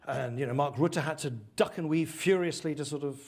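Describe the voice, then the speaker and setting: A man's voice: fairly high pitch, fairly quick, a little mellow, a little hiss or hum. A middle-aged British man speaking earnestly as a guest speaker, answering interview questions and telling stories with animation. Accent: British English. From United Kingdom. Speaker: guest speaker, former politician.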